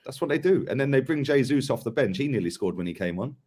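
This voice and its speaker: A man's voice: mid-range voice, animated, quick pace, a little mellow, husky. Blunt young man talking football. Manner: blunt, slangy, emphatic. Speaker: football podcast co-host. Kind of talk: casual live football chat.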